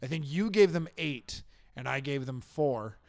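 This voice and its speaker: A man's voice: medium pitch, expressive, a little slow, no echo. A man co-hosting a podcast, chatting casually and confidently about football picks and trades. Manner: opinionated, confident football predictions. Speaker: podcast co-host. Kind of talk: casual sports chat.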